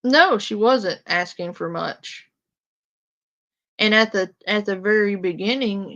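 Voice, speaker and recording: A woman's voice: mid-range voice, slow pace, fairly bright tone, dull audio. A woman talking bluntly to her live chat, casual and confrontational, with frequent fillers. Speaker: commentary streamer. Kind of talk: casual live-stream commentary.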